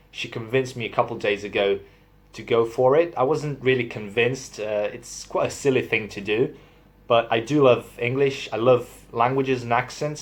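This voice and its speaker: A young man from Spain, chatting casually in a vlog about accents, with a self-deprecating tone and frequent hesitations. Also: mid-range voice. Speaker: vlogger.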